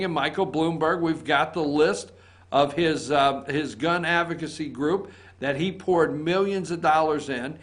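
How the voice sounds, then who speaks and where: A man's voice: fairly high pitch, fairly bright tone. A man hosting a political opinion show, talking in an indignant, emphatic way and hammering his points again and again. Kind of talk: opinion commentary.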